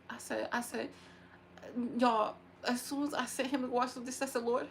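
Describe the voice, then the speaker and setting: A woman chatting casually to her audience, venting in an animated way, with laughter and sudden high exclamations. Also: slow, vocal fry, slight background noise. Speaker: vlogger. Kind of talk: casual chat to camera.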